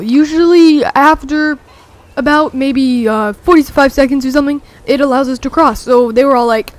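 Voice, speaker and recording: A young teenager rambling excitedly through a story with many fillers, talking over gameplay. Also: high voice, moderate pace. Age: young teen. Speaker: gameplay commentator.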